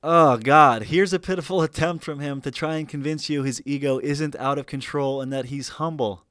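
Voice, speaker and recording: A man's voice: fairly high pitch, normal speed, a bit bright, clean tone, dry recording, clean studio sound. A young man hosting a reaction commentary video, talking bluntly, sarcastically and with heavy profanity.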